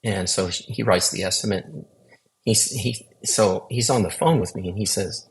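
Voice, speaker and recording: A man's voice: fairly low pitch, normal speed, gravelly, poor audio. A man earnestly telling a personal faith story in a conversational way, acting out the dialogue he quotes. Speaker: guest sharing testimony. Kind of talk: storytelling testimony.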